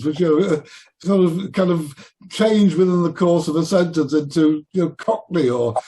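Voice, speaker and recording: A man's voice: a little high, a little mellow. An older man, a guest writer, talking in a casual podcast discussion, hesitant and full of restarts. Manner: hesitant, many restarts and fillers.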